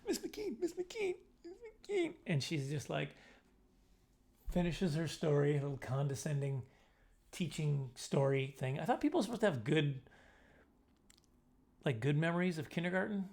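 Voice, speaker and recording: A middle-aged man telling a self-mocking comic story to camera in a casual, animated way. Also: moderate pace, vocal fry, long pauses. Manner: animated, self-mocking, jumps into high squeaky voices for his younger self. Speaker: comedian storyteller.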